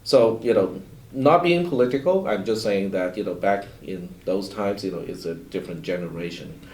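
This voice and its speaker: A rambling man in his fifties, from Hong Kong, speaking as a professor on a panel. His voice sits a little low and sounds distant in a roomy space. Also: normal speed, a little mellow, slight background noise. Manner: rambling, many fillers and restarts. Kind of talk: panel discussion.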